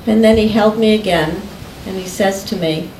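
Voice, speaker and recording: A woman telling a personal story in conversation, unhurried and often breaking into laughter. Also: medium pitch, background noise. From United States. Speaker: guest recounting a personal story. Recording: echoey room.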